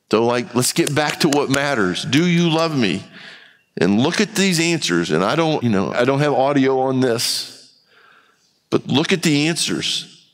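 A pastor with a medium-pitched voice preaches in a large hall, keeping the tone conversational. He dramatizes quotes while speaking, building steadily in intensity.

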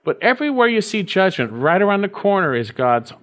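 Emphatic preaching man, higher voice. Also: very animated, brisk, a bit bright. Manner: emphatic preaching, repeats key phrases, reads scripture aloud. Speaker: pastor. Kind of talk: sermon.

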